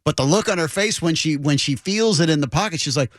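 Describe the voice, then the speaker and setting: A man's voice: fairly high pitch, lively intonation, quick pace, no room sound, studio quality. A man co-hosting a radio show in casual chat, chiming in with short remarks and chuckling. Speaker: radio co-host.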